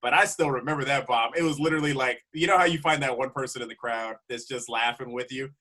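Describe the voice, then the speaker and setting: Comic guy spinning a story, bright punchy voice, laughs a lot. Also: medium pitch, fast talker. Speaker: comedian guest. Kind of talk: casual storytelling chat.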